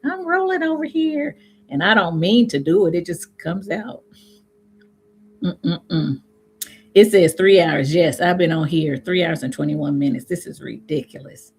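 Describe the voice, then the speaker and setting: A woman's voice: sits low, unhurried, a little mellow, breathy edge, faint music behind. A middle-aged woman from Indiana, with an Indiana accent and some Southern sayings, chatting in a rambling way with her viewers on a livestream and often laughing at herself. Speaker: natural hair YouTuber hosting a livestream. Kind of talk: casual livestream chat with viewers.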